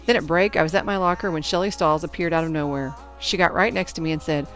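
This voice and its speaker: A woman narrating a first-person storybook in an expressive, anxious telling. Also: low-pitched, fast, few pauses, faint music behind. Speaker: audiobook narrator.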